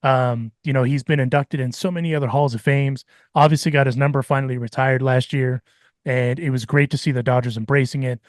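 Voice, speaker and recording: A man's voice: medium pitch, fairly even intonation, brisk, no room sound, studio quality. Reflective male podcast host. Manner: reflective, slips into Spanish phrases. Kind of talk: casual podcast conversation.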